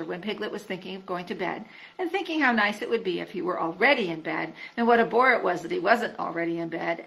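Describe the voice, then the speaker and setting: Bright, gravelly woman reading a storybook. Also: mid-range voice, rough recording. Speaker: storybook reader. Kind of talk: reading a children's book aloud.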